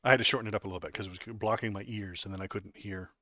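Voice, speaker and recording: A man's voice: on the low side, fairly even intonation, racing, sharp tone. A male political live streamer giving casual, rambling, sarcastic commentary into a desk mic while wearing headphones. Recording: dull dry home stream audio.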